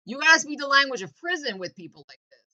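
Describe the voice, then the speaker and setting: Heated, bright-voiced woman ranting. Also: high voice, lively intonation, fast. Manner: intense, profane, emphatic. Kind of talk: heated political rant to camera.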